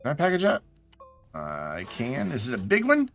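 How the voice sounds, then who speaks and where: A man's voice: mid-range voice, wildly swooping pitch, moderate pace, fairly bright tone, soft background music. A man casually chatting to his viewers while playing a game on a live stream, sounding tired and yawning. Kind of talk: casual live gameplay chat.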